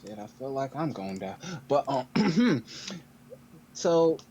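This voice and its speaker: Joking male player, slow drawl, warm dark tone. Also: mid-range voice, very animated, muffled recording, a little hiss or hum. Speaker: tabletop player. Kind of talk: casual in-character tabletop role-play.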